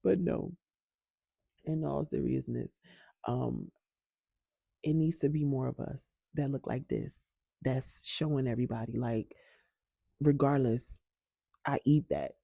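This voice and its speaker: A woman's voice: a bass voice, slow pace, creaky, long pauses, mellow, breathy edge, no echo, studio quality. A woman vlogging about healing and personal growth, speaking candidly and emphatically to her viewers and swearing freely. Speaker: wellness vlogger. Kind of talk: casual talk to camera.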